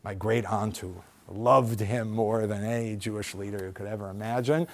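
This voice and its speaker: A rabbi giving a conversational lecture to a live audience, thinking aloud with hedges and frequent restarts. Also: male voice, on the low side, steady tone, moderate pace. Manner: thoughtful, hedging, many fillers and restarts. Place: lecture room with in-person audience.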